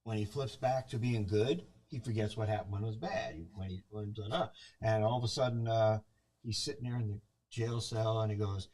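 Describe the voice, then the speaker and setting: A man's voice: fairly low pitch, fairly even intonation, a little fast, a little mellow, far from the mic. A man on a movie review talk show, retelling a film's story in casual chat and acting out the scenes.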